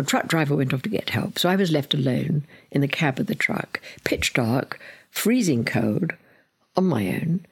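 Gravelly, husky older storyteller. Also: mid-range voice. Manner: earnest, vivid storyteller, drops to a whisper at times. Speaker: guest. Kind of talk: storytelling in a podcast interview.

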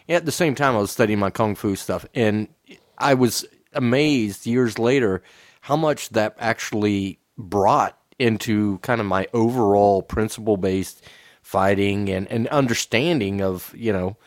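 A man's voice: lowish voice, unhurried, no room sound, clean studio sound. Easygoing man co-hosting a chat. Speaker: co-host. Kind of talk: casual podcast chat.

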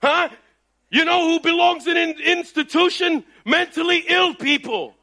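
Loud high-pitched man preaching. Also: a little slow, vocal fry. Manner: loud, emphatic preaching with rising bursts. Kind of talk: energetic sermon. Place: Texas.

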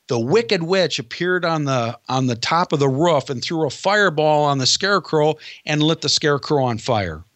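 A man who coaches salespeople retells a familiar film story step by step. He slows down to stress his points. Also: fairly high pitch, a bit bright, dry recording. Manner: dramatic retelling, slows for emphasis. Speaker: sales trainer guest.

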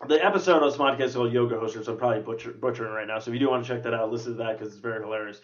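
A man's voice: mid-range voice, rapid-fire, recorded from a distance. Rambling, swearing male podcast host. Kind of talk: casual movie review chat. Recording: dull lo-fi recording.

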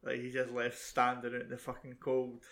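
Gravelly, flat-toned man chatting. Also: mid-range voice, brisk. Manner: laid-back, chuckling, short agreements. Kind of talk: casual film review chat.

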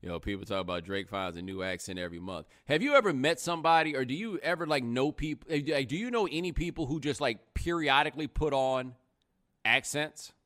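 A young adult man hosting a live podcast, chatting casually with a sarcastic, animated delivery. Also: a little fast. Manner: animated, sarcastic, rising pitch when joking. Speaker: podcast host. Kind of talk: casual live-stream commentary.

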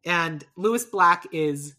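A woman hosting a podcast in casual, animated chat, laughing often and swearing casually. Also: on the low side, takes it slowly.

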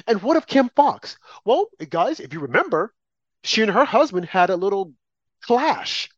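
A man's voice: high voice, big pitch swings, normal speed, dry recording. A man delivering an opinionated commentary monologue, emphatic and repetitive, with mocking asides. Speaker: political commentator. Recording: dry, slightly muffled lo-fi audio.

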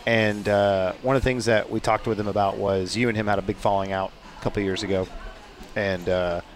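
A male host asking casual, relaxed interview questions with plenty of fillers. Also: lowish voice, brisk.

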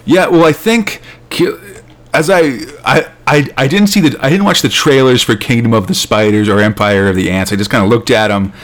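A man's voice: mid-range voice, brisk. A man co-hosting a casual chat, rambling with many fillers and restarts, laughing often. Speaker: podcast co-host.

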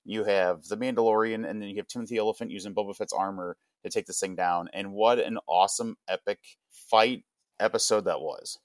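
A young man on a podcast, excitedly recapping an episode in a rambling, casual way full of "like". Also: on the low side, brisk, no room sound. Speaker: podcast co-host. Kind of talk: casual pop-culture chat.

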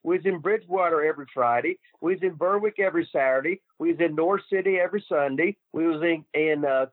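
A man's voice: fairly high pitch, no echo. An older man, a guest wrestler, telling stories full of swearing and acting out what others said. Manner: swears constantly, acts out quoted dialogue. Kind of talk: profane storytelling. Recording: tinny phone line, dry.

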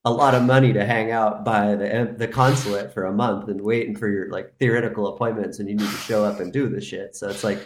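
A man's voice: lowish voice, steady tone, fairly quick, few pauses, a little hiss or hum. A man speaking as a podcast guest in casual chat, telling a long rambling story full of "like". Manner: rambling storyteller, heavy use of filler "like". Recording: roomy echo.

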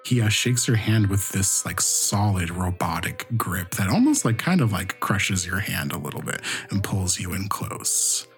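A man's voice: deep voice, big pitch swings, moderate pace, few pauses, soft background music. A man running a tabletop role-playing game, narrating scenes with many fillers and restarts. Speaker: game master.

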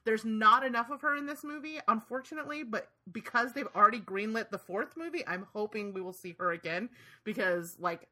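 A woman's voice: fairly high pitch, fairly quick, pushed and bright. A woman hosting a podcast in casual chat, gushing and laughing, with plenty of "like" in her speech. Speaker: podcast host.

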